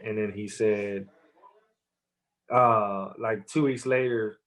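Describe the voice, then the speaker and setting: A man's voice: lowish voice, level tone, slow pace, fairly bright tone. Guy on a podcast rambling thru a story, tons of slang and fillers. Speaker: rapper guest. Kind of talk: casual interview storytelling.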